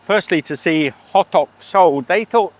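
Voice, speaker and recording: A man with a high, unhurried voice hosts a casual food vlog outdoors at a street stall during his travels. He's cheerful and talkative, laughs often and chats as he eats.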